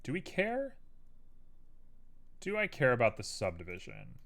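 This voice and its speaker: A man's voice: medium pitch, wildly swooping pitch, a little slow, gravelly, a bit bright. A man hosting a live stream, casually chatting and thinking aloud to viewers as he builds a 3D model.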